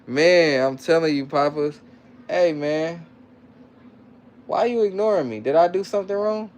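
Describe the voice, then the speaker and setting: Man, livestream host, casual slangy chat, slightly high voice, reads comments aloud, repeats himself. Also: measured pace, darkish tone. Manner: coaxing, playful with his child.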